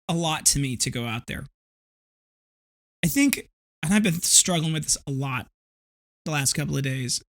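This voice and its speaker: A man's voice: fairly high pitch, gravelly. A man in his thirties hosting a casual solo podcast, talking in a rambling, reflective way full of restarts. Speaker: podcast host.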